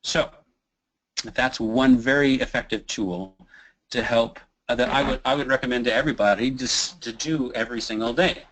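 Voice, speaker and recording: A man's voice: medium pitch, moderate pace, a bit bright, low-quality recording. A man from the Kansas City area, a voice teacher, talking casually in a webinar and showing vocal exercises by moaning, sighing and singing short bits. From Kansas City area, USA. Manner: casual, demonstrates moans, sighs and creaky sounds.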